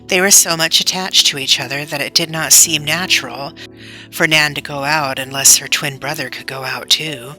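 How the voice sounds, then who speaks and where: A woman narrating a children's book in a clear, measured reading. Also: low-pitched, steady tone, pushed and bright, faint music behind, poor audio. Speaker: audiobook reader. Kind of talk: storybook narration.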